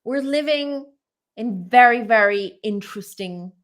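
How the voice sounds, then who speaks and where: A woman's voice: on the high side, a little slow. A woman in her thirties, a clairvoyant tarot reader hosting a casual chat, talking earnestly and repeating herself as she goes. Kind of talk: casual spiritual reading chat.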